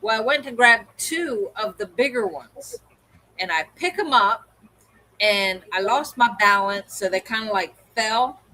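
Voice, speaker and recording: A woman's voice: fairly high pitch, expressive, unhurried, pushed and bright, low-quality recording. A woman co-hosting a livestream, telling a story in casual chat and acting out the people she quotes. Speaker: co-host of a livestream hangout.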